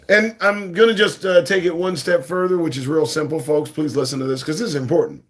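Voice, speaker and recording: A male talk-show host with a slightly high-set voice delivers blunt, cursing commentary. He keeps calling on "folks" to listen up and talks like he is sounding an alarm. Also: normal speed, husky.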